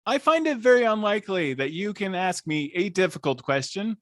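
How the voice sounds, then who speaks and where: A man's voice: high-pitched, very animated, fairly quick, fairly bright tone, no echo, clean studio sound, pitched above the performer's own voice. A man voicing a matter-of-fact female construct who talks without affect, like a robot. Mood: deadpan.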